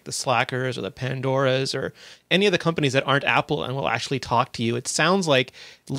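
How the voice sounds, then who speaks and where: A wry, chatty man from Canada hosts a casual tech podcast at a middle pitch. His voice sits close and dry on the mic, with no room around it. He restarts and corrects himself as he goes. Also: a bit bright, dry recording. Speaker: podcast host.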